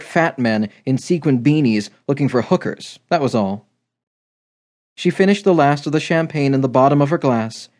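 A man reading a romance novel aloud in steady, measured scripted narration. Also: a little high. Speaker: audiobook narrator.

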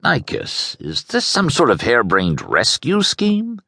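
A man voicing a stubborn, principled soldier in an audiobook, calm and firm. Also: mid-range voice, a little slow, dry recording, clean studio sound, pitched above the performer's own voice, heavily acted. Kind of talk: audiobook character voice.

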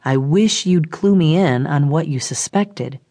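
A woman voicing a calm, even-tempered man who keeps the law, in an audiobook. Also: low-pitched, a little slow. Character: calm steady man, lawman.

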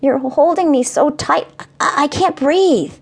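A woman's voice: a little slow, vocal fry. A woman voicing a small, sweet, earnest preschool boy in an audiobook. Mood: giggly. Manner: high childlike lilt. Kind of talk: audiobook narration.

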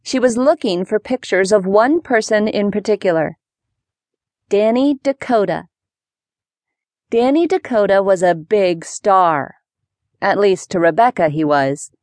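A woman narrating a children's mystery audiobook in clear, even storytelling. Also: mid-range voice, a little slow, pauses often, no echo.

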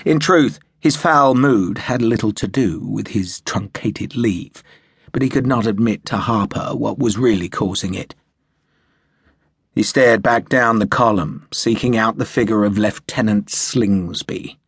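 This scripted audiobook narration comes from a man whose voice is deep and husky, paced like a careful storyteller. The sound is intimate and completely dry, free of any room ambience.

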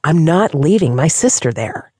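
A woman's voice: deep voice, very animated, normal speed, husky, no echo, studio quality, full character voice. A woman reading a stubborn, defiant young man. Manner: terse, defiant, flaring into shouts.

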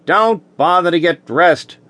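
A man's voice: on the high side, animated, unhurried, a bit bright, no room sound, pitched above the performer's own voice. A man voicing a harried, snappish middle-aged FBI chief who talks in an urgent, flustered way in an audiobook. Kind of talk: audiobook character voice.

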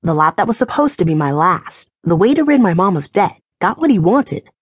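A woman narrating a first-person romance audiobook with an emotional, animated reading. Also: lowish voice, a little fast, husky, no echo.

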